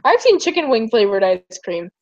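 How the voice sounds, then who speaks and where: Young woman rambling and giggling on stream, kinda high voice, dry dull audio. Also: very animated, normal speed, a little mellow, no room sound. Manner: rambling, giggly, tells stories with acted quotes. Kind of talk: casual chat.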